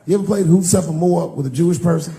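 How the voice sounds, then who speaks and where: Male stand-up, slightly higher voice, punchy riffs, faint room noise. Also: fast talker, creaky. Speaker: stand-up comedian. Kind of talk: stand-up comedy. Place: live stage show.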